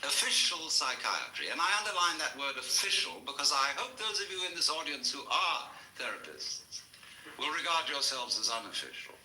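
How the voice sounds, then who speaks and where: A man giving an anecdotal lecture to an audience, with a wry, lively storytelling manner. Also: fairly high pitch, moderate pace. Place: lecture hall before an audience. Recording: roomy lecture hall recording with faint hiss.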